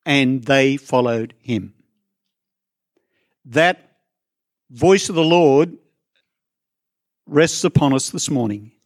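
A man's voice: medium pitch, very slow, pauses often, no room sound, clean studio sound. A man preaching a sermon to a church congregation, talking conversationally with asides to people in the room. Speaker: pastor.

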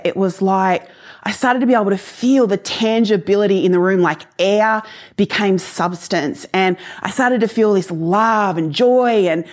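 A woman in her forties sharing a personal faith testimony. She tells it earnestly and emotionally, dropping to hushed lows and rising to excited highs. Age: 40s.

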